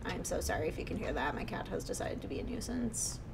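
A woman's voice: fairly low pitch, sing-song, fast, creaky, heavy background noise. Chatty young woman playing a game. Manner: chatty, reacts aloud, often hushed. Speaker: let's play host. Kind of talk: casual gameplay commentary.

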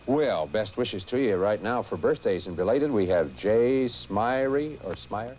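Low-voiced man hosting an old kids' show. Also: animated, measured pace, darkish tone, a little hiss or hum. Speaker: children's TV host on air. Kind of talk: archival broadcast hosting.

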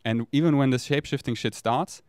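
A man rambles candidly, swearing freely as he talks. His voice is smooth and clear. It sounds dry and close, with no room echo. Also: mid-range voice, fairly quick, a little mellow. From Germany. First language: German. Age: 30s. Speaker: vlogger. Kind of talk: casual confessional monologue.

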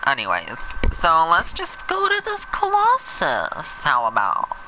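A man giving sassy, camp, over-the-top commentary while playing a game, with sudden shouted bursts. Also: fairly high pitch, huge pitch swings, unhurried, slight background noise, low-quality recording. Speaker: gameplay commentator. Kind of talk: let's play commentary.

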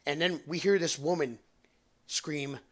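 A young man hosting a podcast relates a long story in a rambling way, swearing and joking and laughing at his own humor. He speaks a bit slowly, with a fairly high pitch.

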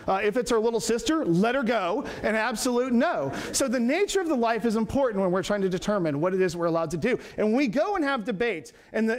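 A man delivers a public lecture in a folksy storytelling way, pressing hard on his points. His voice sits fairly high for a man. He talks fast and keeps the words coming. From Georgia, USA. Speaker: apologetics speaker. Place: lecture hall.

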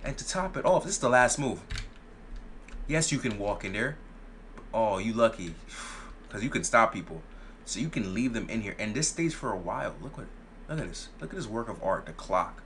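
A man's voice: on the low side, expressive, normal speed, pauses often, a bit bright, a little hiss or hum. A young man giving casual gameplay commentary, playful and boastful, full of slang and repeated phrases. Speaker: gaming YouTuber.

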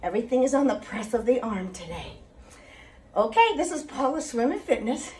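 A woman's voice: on the high side, sing-song, darkish tone. A woman fitness instructor talking through an exercise routine step by step, with a cheerful greeting and sign-off. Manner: slow, deliberate coaching with cheerful sign-off.

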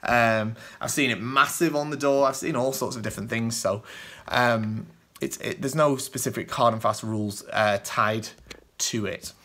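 A man's voice: medium pitch, normal speed, fairly bright tone. A British man from the UK hosting a kendo show, answering viewer questions in loose, rambling casual chat with many ums and restarts.

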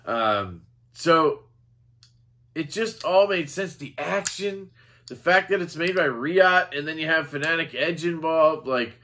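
A man's voice: fairly high pitch, bright, forceful tone. An American man giving a casual, rambling knife review, enthusiastic and profane, with lots of fillers.

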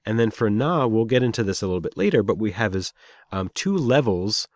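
A man's voice: fairly low pitch, big pitch swings, fairly quick, darkish tone, no echo, studio quality. A man giving a recorded lecture, explaining step by step with frequent fillers and small self-corrections. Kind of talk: recorded lecture on speech acoustics.

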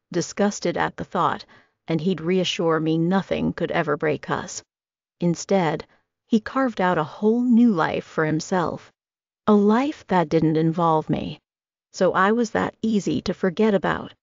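A woman narrating a novel in the first person, intimate and reflective. Her voice is low with a gravelly edge. The recording is muffled and dry, close with no room sound. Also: a little mellow, no room sound. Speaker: audiobook narrator.

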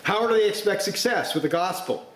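Forceful male preacher in an echoey room. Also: high voice, animated, brisk. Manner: forceful preaching, sudden rises to emphasis. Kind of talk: sermon.

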